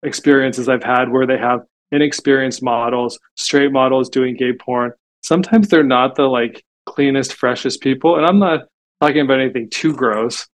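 A man's voice: mid-range voice, normal speed. A man as a podcast guest, telling stories in a casual, chatty way and filling gaps with "like". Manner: chatty storytelling, frequent "like" fillers. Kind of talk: casual interview talk.

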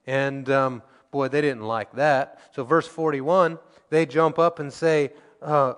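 A man preaching a sermon, reading scripture aloud and acting out quotes, his loudness swinging between emphatic and quiet. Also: mid-range voice, steady tone, slow, hardly any pauses, clean tone, in a large hall.

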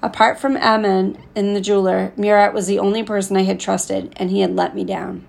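A woman narrating a novel chapter as an audiobook, with a gravelly edge and voicing the dialogue herself. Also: medium pitch, flat delivery, a little fast. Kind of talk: scripted narration.

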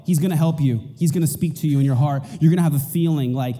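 Man, pastor, high voice, mellow dark tone, emphatic sermon, echoey church, soft music. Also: quick pace, hardly any pauses. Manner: emphatic, repeats key points. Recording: reverberant hall with faint music.

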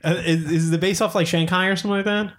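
A man's voice: high-pitched, fairly even intonation, fast, fairly bright tone. A man in casual podcast chat, blunt and swearing a lot as he fires questions at his friends.

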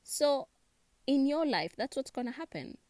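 A young woman with a Kenyan accent chatting casually, expressive and quick to laugh, giving relationship advice. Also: high-pitched, no room sound. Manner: chatty and expressive, laughs often, mixes in Swahili words. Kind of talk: casual chat to camera.

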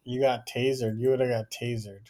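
Man, mid pitch voice, casual chat, laid-back, teasing. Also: level tone, normal speed, mellow.

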